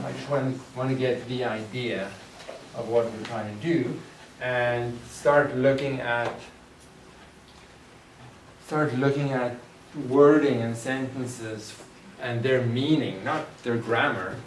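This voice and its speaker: A man lectures a classroom at an unhurried pace, stopping to ask his students questions as he works through ideas. He is picked up from a distance in an echoey room, with clear noise behind him. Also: medium pitch. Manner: thinks aloud, poses questions to the class. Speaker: teacher.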